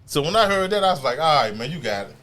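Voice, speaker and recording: Podcast guest, man, Washington DC accent, lively storyteller who does the voices. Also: on the high side, quick pace. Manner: animated storyteller, acts out quoted voices, laughs often. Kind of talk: casual storytelling.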